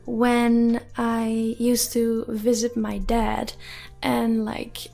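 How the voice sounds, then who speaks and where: A woman in her twenties with a soft, calm voice, chatting casually on her own podcast, rambling and giggling, with lots of fillers. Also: on the high side, creaky. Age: 20s. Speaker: podcast host. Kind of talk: casual solo podcast chat.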